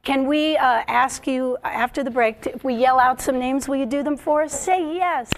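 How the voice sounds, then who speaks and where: High-voiced bubbly woman host. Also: normal speed, slight background noise. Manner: bubbly, laughs often, eager questions. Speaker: talk show host. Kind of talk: casual interview.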